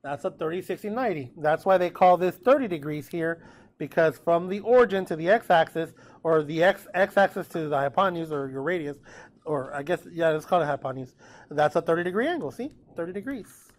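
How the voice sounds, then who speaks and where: A man teaching a precalculus class in a relaxed, chatty way, often checking in with his students. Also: a little high, brisk. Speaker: math teacher. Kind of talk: classroom lecture recorded with notes.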